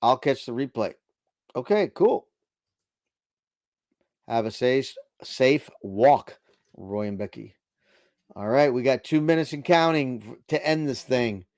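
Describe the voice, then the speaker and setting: A man's voice: medium pitch, lively intonation, slow, long pauses, a little mellow, dry recording, studio quality. A middle-aged man hosting a casual late-night livestream, reading viewer chat aloud into a desk microphone in a chatty, laid-back way. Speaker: livestream host.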